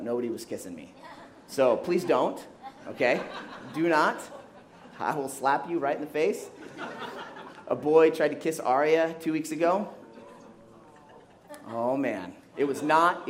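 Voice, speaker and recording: A young man who grew up in Kenya, a youth pastor giving a sermon with animated, joking storytelling. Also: on the high side, slight background noise. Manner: animated storytelling, jokey asides.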